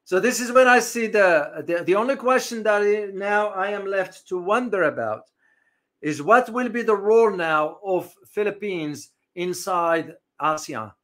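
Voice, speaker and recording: A man hosting a live commentary stream, his voice bright and a touch high. He speaks off the cuff with plenty of "uh"s and restarts, and he often stops to answer viewers' comments in the chat. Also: lively intonation, measured pace. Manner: reads out chat comments, rambling with many fillers. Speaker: host of a live geopolitics stream.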